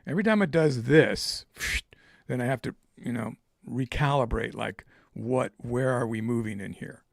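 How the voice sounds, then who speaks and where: A man giving live trading commentary. He thinks aloud in a halting way, with many fillers. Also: mid-range voice, creaky, no room sound, studio quality. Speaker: trader streaming live.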